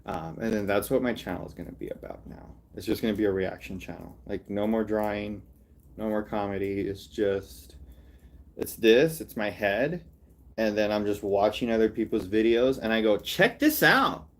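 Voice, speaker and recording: A man's voice: lowish voice, steady tone, brisk, darkish tone. A male artist and comedian in casual livestream chat, rambling and mocking, with frequent laughs.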